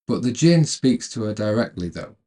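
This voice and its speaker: A man narrating a retelling of a film's plot in a calm, measured way, then adding his own commentary. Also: fairly low pitch. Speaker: storyteller retelling a film.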